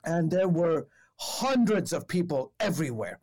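A man's voice: very animated, measured pace, darkish tone. A man, a television reporter, telling a story in a casual podcast chat, with lots of fillers and restarts, and acting out the people he quotes. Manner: acts out quoted exchanges with raised pitch.

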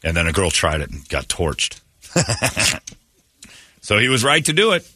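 A man's voice: on the low side, wildly swooping pitch, a little slow, pushed and bright, husky, no echo, studio quality. A man hosting a morning radio show, joking loosely and rambling through crude stories with frequent laughs.

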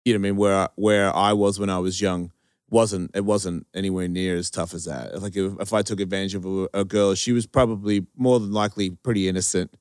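A man's voice: deep voice, steady tone, fairly quick, darkish tone, clear, resonant tone, dry recording, clean studio sound. A man hosting a casual chat, reacting and asking short follow-up questions.

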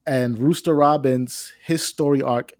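A man co-hosting a casual wrestling podcast, calm and even-tempered in his delivery. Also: medium pitch, a little slow, no room sound, studio quality. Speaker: podcast co-host.

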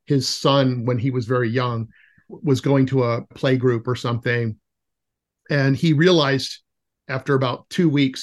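A man with an easygoing, mid-range voice hosts a podcast conversation. he tells anecdotes with animated energy and laughs often. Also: mid-range voice. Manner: laughs often, animated when retelling stories. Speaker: podcast host interviewing an educator. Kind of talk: casual conversational storytelling.

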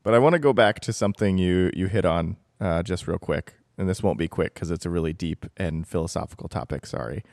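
Male podcast host, low voice, playful and curious, dry close sound. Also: brisk, vocal fry, hardly any pauses, a little mellow, no echo. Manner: joking, self-deprecating, curious questions. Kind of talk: podcast conversation.

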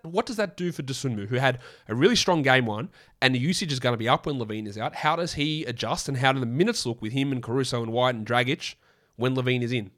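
A hoarse man hosts a solo fantasy basketball podcast in a middle-pitched voice. He talks in a loose, opinionated ramble and often stops to correct himself mid-sentence. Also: a bit bright. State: hoarse from a lost voice.

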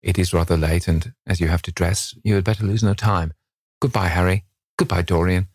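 A man's voice: low-pitched, fairly even intonation, a little fast, darkish tone, dry recording, clean studio sound. A man doing an earnest, sad painter. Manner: earnest, anxious, imploring.

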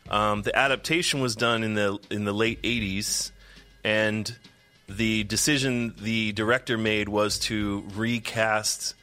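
Middle-aged male co-host, low pitch, bright forceful tone, animated casual storyteller. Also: a little slow. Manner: animated storyteller who acts out pets' voices. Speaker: podcast co-host. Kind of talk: casual chat.

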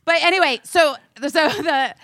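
A woman co-hosting a podcast, telling stories in a chatty, animated way. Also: high voice, normal speed, background noise. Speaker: podcast co-host. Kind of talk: casual chat.

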